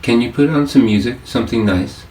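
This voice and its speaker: A man reading an audiobook, voicing a gentle, loving woman with a soft, delicate, raised voice. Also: mid-range voice, brisk, voice pushed up, close to an everyday voice. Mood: bright, playful. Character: gentle loving woman, fading then young again. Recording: roomy distant-mic home recording.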